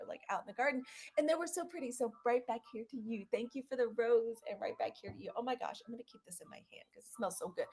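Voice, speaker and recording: A woman's voice: mid-range voice, breathy edge. A woman hosting a casual live stream from home. She talks to her viewers and greets them by name, with lots of "y'all". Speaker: podcast host. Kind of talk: casual livestream chat.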